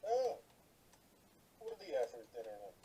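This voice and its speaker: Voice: mid-range voice, big pitch swings, moderate pace, warm tone. A companion off to the side throwing in dry, teasing quips. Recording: distant from the mic with clear background noise.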